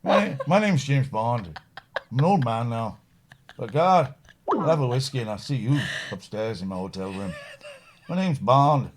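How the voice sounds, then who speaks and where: A man doing a comic impression of a suave, smug middle-aged male secret agent, in slow, self-satisfied phrasing. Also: mid-range voice, animated, a little hiss or hum, pitched below the performer's own voice, natural voice.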